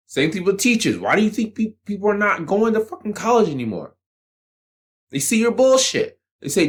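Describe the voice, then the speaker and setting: Blunt, swearing man ranting, lively pitch. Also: normal speed. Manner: blunt, combative, swears freely. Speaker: channel host. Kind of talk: profane motivational rant to camera.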